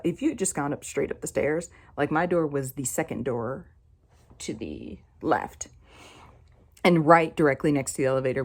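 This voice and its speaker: A woman's voice: low-pitched, breathy edge. A young woman with a Southern US accent telling a story in a rambling, chatty way, laughing often. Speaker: vlogger. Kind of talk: casual storytelling.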